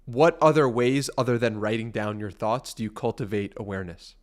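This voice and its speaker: A man's voice: on the low side, fairly even intonation, a little fast. Earnest male podcast host asking questions. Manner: earnest, stacks several questions together. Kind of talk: interview questions.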